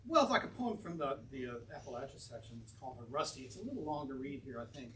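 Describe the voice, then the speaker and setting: A man's voice: medium pitch, very animated, quick pace, a bit bright. A man from North Carolina, a poet answering audience questions at a bookstore event, telling anecdotes in a rambling way and chuckling often. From North Carolina, USA. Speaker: poet presenting his book. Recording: distant mic, noisy room.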